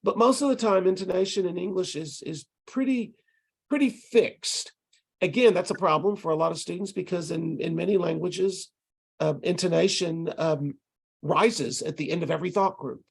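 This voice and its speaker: A man who trains ESL tutors speaks in a high, gravelly, slightly rough voice at normal speed. His online lecture comes through a video call as he explains methodically and taps out syllable rhythms.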